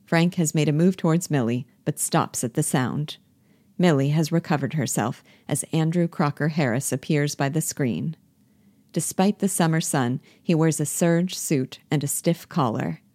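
A woman reading a play aloud, calmly speaking the stage directions and character names. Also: sits low, normal speed, dry recording. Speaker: reader.

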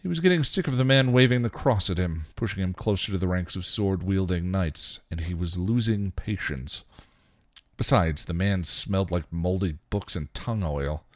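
Deep male reader, dry, for steady story narration. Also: moderate pace, no echo. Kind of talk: reading fan fiction aloud.

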